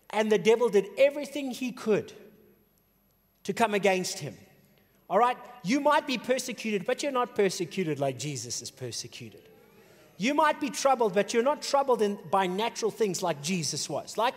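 A male pastor preaching a sermon in an animated way, swinging between shouted peaks and hushed, low passages. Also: long reverb tail. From South Africa. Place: church auditorium.

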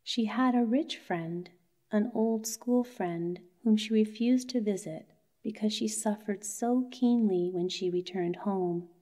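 A woman narrating a bedtime story for adults in a soothing, soft manner. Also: medium pitch, takes it slowly.

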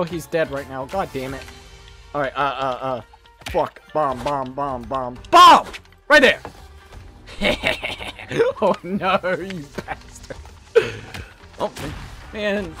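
A game streamer giving profane live commentary, shouting and laughing at the game. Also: mid-range voice.

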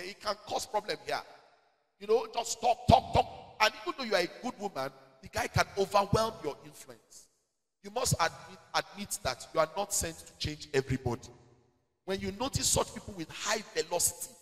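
Nigerian male pastor, high and very expressive delivery, emphatic preaching, long hall reverb. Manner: animated, emphatic, slipping into Pidgin asides. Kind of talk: preaching in a church Q&A. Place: church hall.

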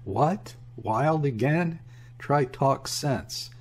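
A man's voice: medium pitch, animated, extremely slow, voice pushed up, exaggerated voice. A man voicing a stern, impatient naval officer who talks in curt commands, in an audiobook reading.

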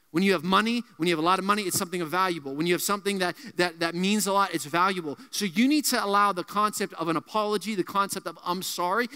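A man preaching a youth sermon as pastor, emphatic and repetitive, dropping his voice low to land key points. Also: sharp tone, clean tone, big-room sound. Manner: emphatic, repeats key phrases, drops low on punch lines.

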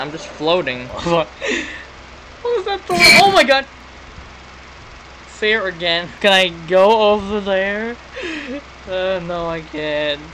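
A man playing a horror game, reacting excitably with swearing, startled outbursts and laughs, from a dark bedroom. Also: on the high side, background noise. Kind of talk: casual let's play commentary.

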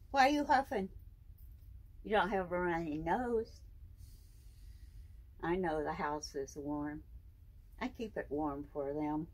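A woman in her seventies at home, talking to her pet snake in a high, sing-song baby-talk voice and laughing often. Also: slow, long pauses, darkish tone. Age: 70s. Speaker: snake owner. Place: indoors at home.

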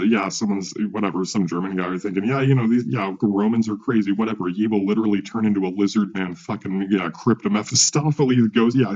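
A man's voice: sits low, darkish tone, breathy edge, muffled recording. A man ranting in a rambling, profane monologue, full of restarts and asides, as a vlogger.

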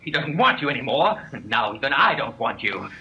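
An actor playing an obsessive, creepy male caretaker who mutters in a halting, whispery way, on a hissy old film soundtrack. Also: mid-range voice, sing-song, lo-fi sound. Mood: whispering.

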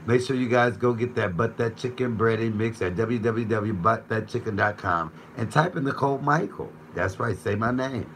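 A man's voice: fairly low pitch, moderate pace, hardly any pauses, a bit bright, slight background noise, rough recording. A man hosting a live cooking stream from his kitchen, chatting playfully with viewers as he reads their comments and jokes around. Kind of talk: casual live-stream chat reading comments.

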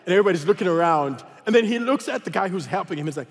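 Brief: male pastor, lively storytelling sermon, husky voice, long reverb of a big church hall. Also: sits high, quick pace. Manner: animated storytelling, acts out voices. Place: large church auditorium.

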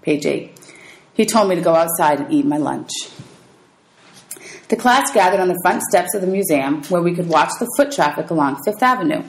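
Woman, teacher, read-aloud of a novel for students; lowish voice, pitch goes up for the dialogue. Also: lively intonation, fairly quick, low-quality recording. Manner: reads dialogue with raised pitch for characters, calls out page numbers.

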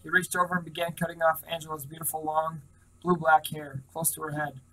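A man reading a first-person novel aloud in a steady, plain manner, with small slips. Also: a little high, a little fast, far from the mic, rough recording. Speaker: reader.

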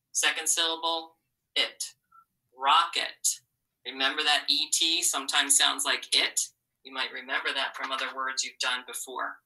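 Low-voiced, encouraging woman teacher. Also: sharp tone, recorded from a distance, low-quality recording. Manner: patient, encouraging, asks questions and pauses for answers. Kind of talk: phonics lesson for children.

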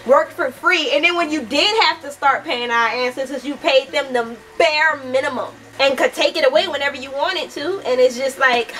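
Young woman, high bright voice, heated and swearing, casual book review, mic a bit far off. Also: moderate pace, few pauses. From United States. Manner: heated, swears often, animated.

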